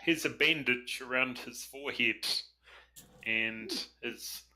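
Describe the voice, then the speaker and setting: Bright-voiced man running a tabletop game. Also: medium pitch, slow pace, poor audio. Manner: easygoing, laughs often, some filler words. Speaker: game master.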